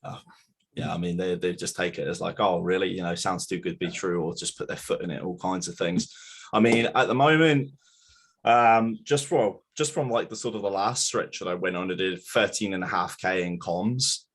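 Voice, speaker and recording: A man's voice: low voice, normal speed, slightly rough. A man who works in sales, talking about his work in a reflective way with some hesitations as a guest. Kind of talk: casual interview chat.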